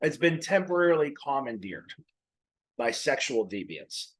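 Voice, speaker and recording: A man's voice: mid-range voice, very animated, moderate pace, low-quality recording. Rambling male podcast host, breathless. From Maine. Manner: rambling, self-correcting. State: a little out of breath. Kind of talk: casual faith talk.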